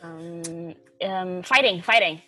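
A woman's voice: lowish voice, slow pace, over music. A woman in casual chat who giggles often, swears freely and keeps guessing in a playful way.

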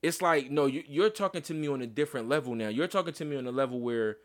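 A man's voice: medium pitch, quick pace. A man co-hosting a casual podcast chat, talking emphatically with lots of slang, profanity and insistent restarts. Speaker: podcast co-host.

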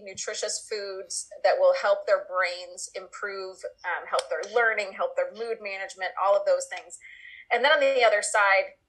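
A woman's voice: mid-range voice, a bit bright, poor audio. A middle-aged woman answering interview questions as an expert guest, thoughtful and explaining through long everyday examples. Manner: thoughtful, talks in long examples with acted quotes.

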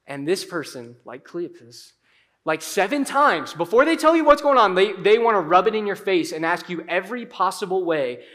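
A male pastor with a high-pitched voice preaches a sermon in an animated, conversational manner, dropping into dramatic pauses.

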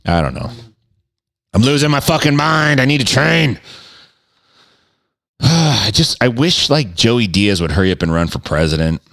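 Animated, profane man hosting a podcast. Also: mid-range voice, a little slow, no room sound, clean studio sound. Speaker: podcast host. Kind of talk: casual comedic rant. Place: home den. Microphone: studio microphone.

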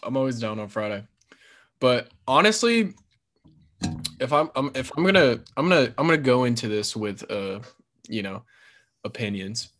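A man's voice: mid-range voice, expressive, moderate pace, pauses often, a bit bright. A man co-hosting a podcast in loose casual chat, swearing often and filling his talk with "like" and "you know". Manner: loose and profane, lots of fillers. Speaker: podcast co-host.

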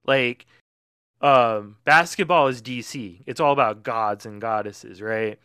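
Bright-voiced man chatting on a podcast. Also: medium pitch, a little slow, clean tone, dry recording, clean studio sound. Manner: chatty, filler-heavy, pop-culture comparisons. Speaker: podcast panelist. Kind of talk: casual film-podcast chat.

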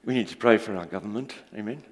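A man preaching a sermon in a church, animated and jokey as he tells stories and talks with the congregation. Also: on the low side, fast talker. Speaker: pastor. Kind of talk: sermon with storytelling. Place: church hall. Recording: long reverb of a church hall.

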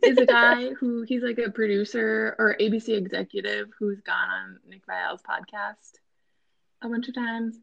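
Chatty Minnesotan young woman with a gravelly voice. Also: fairly high pitch, fairly even intonation, normal speed, fairly bright tone, dry recording, highs cut off. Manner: chatty, filler-heavy, laughs often. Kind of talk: casual chat.

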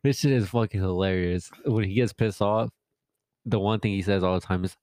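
A man's voice: lowish voice, fairly quick, a little mellow, no echo. A young man in casual podcast chat, telling profane, laid-back stories about his son. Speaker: podcast co-host.

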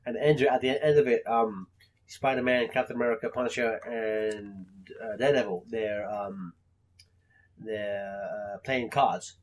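A man's voice: lowish voice, fairly even intonation, measured pace. A man chatting casually about games and comics, rambling with repeated words and mock-outraged rants.

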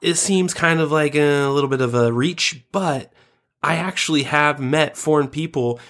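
A man co-hosting a podcast in casual chat, joking crudely and getting animated when he makes a point. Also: fairly high pitch, moderate pace. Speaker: podcast co-host.

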